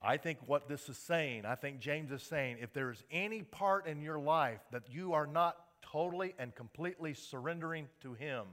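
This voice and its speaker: A male pastor preaches to his congregation with a bright, forceful voice. He swells into emphatic, impassioned peaks and then falls back to quiet earnestness. The sound is that of a Sunday church service. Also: a little high, normal speed, hardly any pauses. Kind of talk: sermon.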